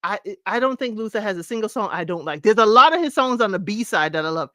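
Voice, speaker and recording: A chatty middle-aged woman hosts a laid-back talk show, breaking into snippets of songs between her remarks. Her voice sits at an ordinary pitch and is recorded close and dry, with no room sound. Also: lively intonation, fast talker, fairly bright tone, no echo. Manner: chatty, sings snippets, laughs often. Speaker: podcast host. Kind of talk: casual chat counting down music.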